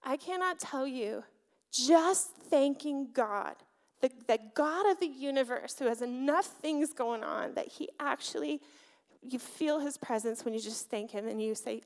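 Speaking unhurriedly in a high-pitched voice, a woman in her thirties or forties, the pastor's wife, delivers a sermon in the church sanctuary. Her candid, conversational personal story is sprinkled with filler words.

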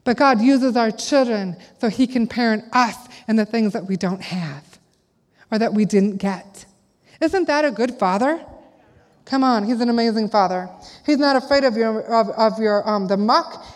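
Woman preacher in an echoing hall. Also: moderate pace. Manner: animated, acts out quotes in a high child voice. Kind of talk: sermon with storytelling. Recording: long reverb of a large hall.

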